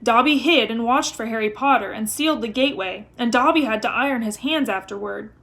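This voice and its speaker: A woman's voice: a little high, a little fast, a bit bright. Miserable male house elf, read by a woman; pleading, self-abasing servant, lightly raised voice. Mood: earnest. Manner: pleading, speaks of himself by name.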